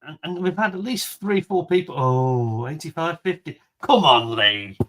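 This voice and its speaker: A man with an animated, somewhat high voice speaks at normal speed while hosting a charity auction of model kits. It's a casual live-stream chat full of laughter, with each kit talked up enthusiastically.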